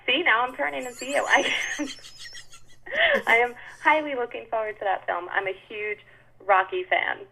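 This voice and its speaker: Woman co-host, giggly and chatty, gravelly bright voice, tinny phone line. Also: a little high, steady tone, moderate pace, a little hiss or hum. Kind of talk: casual chat.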